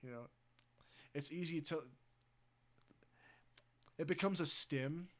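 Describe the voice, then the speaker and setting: A man chatting on a livestream in a loose, rambling way, full of swearing and laughing asides. His voice sits a little high and his talk drags along slowly. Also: a bit bright. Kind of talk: casual chat.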